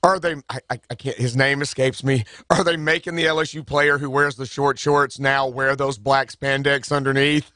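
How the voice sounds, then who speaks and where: A man's voice: mid-range voice, steady tone, normal speed, hardly any pauses, pushed and bright, dry recording, studio quality. A man co-hosting sports talk radio, joking in wry, casual banter. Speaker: radio co-host.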